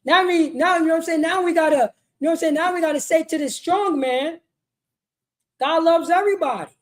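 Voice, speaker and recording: A woman's voice: extremely high pitch, fast talker. A woman teaching a religious law class in an emphatic, repetitive street-style sermon, often asking "you know what I mean". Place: meeting hall.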